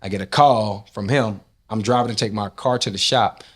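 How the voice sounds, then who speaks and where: A man's voice: lowish voice, moderate pace, breathy edge. A man from Nashville, a rap and R&B artist, telling stories from his life in a casual interview. He talks loosely, swears often and acts out what people said. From Nashville, Tennessee. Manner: loose, profane, animated storytelling with acted-out quotes.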